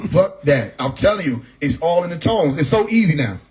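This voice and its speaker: A man's voice: a little high, very animated, moderate pace, darkish tone, rough recording. A man talking casually on a livestream, laid-back and profane, often laughing as he talks. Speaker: livestream host. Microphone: phone mic.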